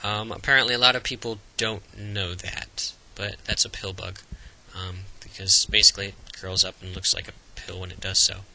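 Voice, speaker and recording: A man's voice: deep voice, level tone, bright, forceful tone, slight background noise, low-quality recording. A young man with a Floridian American accent, chatting casually and reading a word list in an accent tag video. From Florida, USA. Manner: chatty, upbeat, lists words slowly. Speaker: vlogger.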